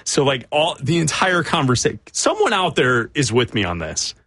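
A man with a lively, swooping delivery teases his co-host on a sports radio show. The sound is dry and close, with no room behind him. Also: mid-range voice, normal speed, breathy edge, no echo. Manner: playful, needling, lively. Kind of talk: casual sports talk banter. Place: radio studio.

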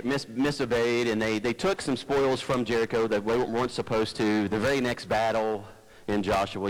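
A man preaching a conversational sermon, folksy and digressive, who calls himself a low talker and often restarts his sentences. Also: low-quality recording. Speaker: pastor. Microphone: headset mic by the mouth.

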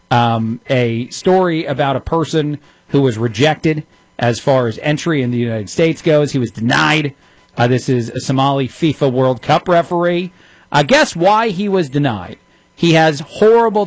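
A man's voice: fairly high pitch, no room sound. Sarcastic male radio talk host. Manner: sarcastic, rapid-fire delivery with frequent fillers. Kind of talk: opinionated radio commentary.

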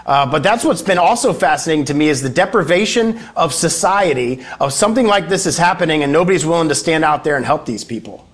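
A man's voice: on the high side, lively intonation, fast talker, hardly any pauses. A man who is a congressman, speaking as a guest in a political interview and making emphatic talking points with frequent fillers.

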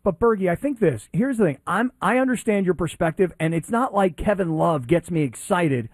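A man's voice: sits high, animated, normal speed, dry recording. A man co-hosting a casual sports talk show, playful and needling. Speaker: sports podcast co-host. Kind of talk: casual chat.

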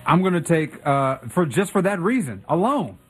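Husky easygoing guest on sports radio. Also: male voice, fairly high pitch, big pitch swings, moderate pace, fairly bright tone, soft background music. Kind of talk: casual sports betting chat.

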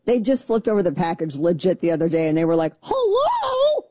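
A woman chatting casually and emphatically, with quick asides. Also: lowish voice, dark tone, dry recording. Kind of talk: casual chat to camera.

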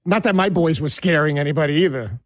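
A man's voice: fairly high pitch, dry recording, studio quality. A man who is a regular on a sports talk show, bantering and telling stories. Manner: storytelling, quick and animated. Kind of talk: casual banter.

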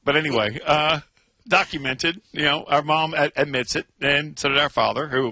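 Man sports radio co-host, very bright husky voice, excitable. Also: on the high side, moderate pace, no echo. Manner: excitable, joking, rambling. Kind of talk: casual sports talk.

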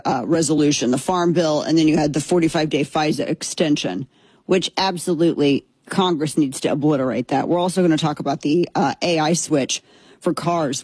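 A woman's voice: deep voice, darkish tone, slightly rough, no room sound. A woman hosting a casual political commentary show, talking conversationally with restarts, asides and a wry tone.

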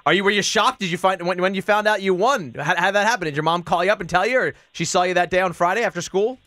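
A man hosting a morning radio show, upbeat and quick to laugh as he chats with callers. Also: sits high, bright, forceful tone, no room sound. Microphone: studio microphone.

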